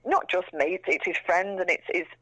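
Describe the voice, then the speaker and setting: A woman's voice: fairly low pitch, steady tone, moderate pace, bright, forceful tone, no echo. A woman, chatting frankly and casually as an interview guest, swearing now and then. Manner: chatty, frank, swears casually, repeats words when she restarts.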